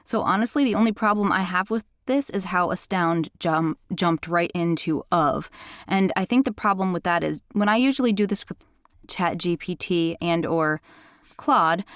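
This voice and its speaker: A woman who works as an audiobook narrator, hosting a casual software tutorial in a chatty, enthusiastic way. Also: on the low side, moderate pace, clean tone, no room sound, studio quality. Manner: chatty and enthusiastic, self-described critical listener.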